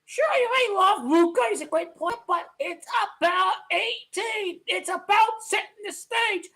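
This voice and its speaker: Very high-pitched shouting woman sports ranter. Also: unhurried. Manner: loud, excitable, repeats herself, often shouts. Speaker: sports vlogger. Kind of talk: ranting sports commentary.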